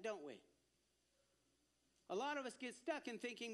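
A man's voice: extremely high pitch, very animated, normal speed. A man preaching at a church, telling a personal story with earnest restarts and growing fervor. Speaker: ministry leader speaking at church.

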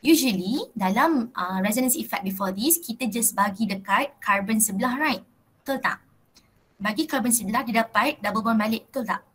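A woman's voice: fairly high pitch, fairly quick, a bit bright, breathy edge, rough recording. A young woman with a Malaysian accent teaching a live chemistry class, switching between Malay and English and checking in with her students. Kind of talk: live online class lecture.

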